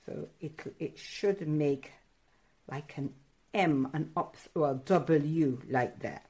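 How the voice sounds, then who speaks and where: A woman art teacher walking children through a craft lesson step by step, encouraging and excitable, pausing often with fillers. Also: low voice, husky. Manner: encouraging, hesitant with many fillers; addresses children directly, excitable.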